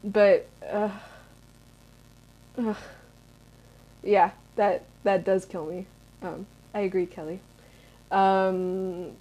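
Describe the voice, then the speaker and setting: A woman's voice: mid-range voice, warm tone. A young American woman in her twenties, answering viewer questions in a rambling, chatty vlog with lots of fillers. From United States. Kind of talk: casual Q&A chat.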